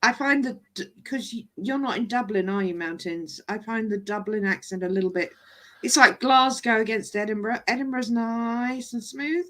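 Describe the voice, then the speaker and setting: A woman's voice: a little high, moderate pace, fairly bright tone. A woman chatting casually on a live stream as co-host, laughing often and mimicking regional accents.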